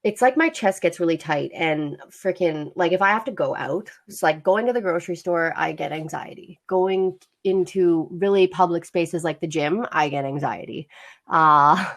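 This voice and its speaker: A woman's voice: on the low side, a bit bright. A woman co-hosting a casual podcast, chatty and open, laughing often and using many fillers. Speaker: podcast co-host.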